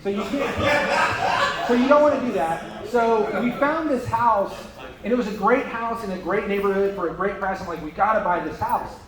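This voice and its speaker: A young man doing a stand-up set at a brewery comedy night, telling crude jokes with deadpan asides and lots of fillers. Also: high voice, moderate pace, reverberant, a crowd in the background, rough recording.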